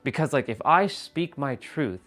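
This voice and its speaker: A man's voice: mid-range voice, expressive, unhurried, a bit bright, soft background music. A man hosting a casual spiritual live stream, earnest and profane, repeating himself and calling his viewers brother.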